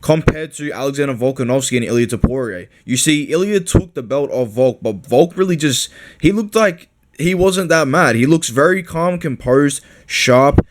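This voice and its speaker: A man's voice: medium pitch, lively intonation, normal speed. A man hosting a fight recap, talking in a loose, slangy, profane way with lots of fillers. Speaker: MMA commentary host. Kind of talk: casual recap commentary.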